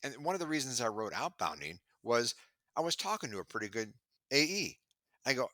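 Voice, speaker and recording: Animated, bright-voiced male sales guest. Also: mid-range voice, brisk, no echo, studio quality. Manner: animated storyteller, acts out dialogue. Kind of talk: podcast interview.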